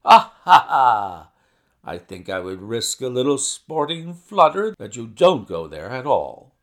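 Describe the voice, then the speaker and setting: A man voicing a brisk, sharp-spoken, bearded financial agent who flatters loudly in a story reading. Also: mid-range voice. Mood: boastful.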